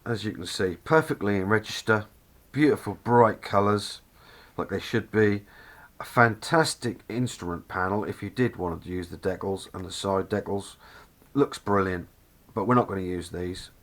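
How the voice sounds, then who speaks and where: A man with a Norfolk accent and a fairly low voice, talking through a model kit in a loose, chatty way. He gushes with enthusiasm, wanders a little and keeps correcting himself mid-sentence. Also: moderate pace. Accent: Norfolk English. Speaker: scale model kit reviewer. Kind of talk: casual review walkthrough.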